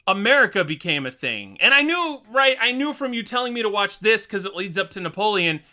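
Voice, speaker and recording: A man's voice: sits high, sing-song, brisk, pushed and bright. A young man hosting a reaction video, chatting casually and thinking aloud in a rambling, self-deprecating way.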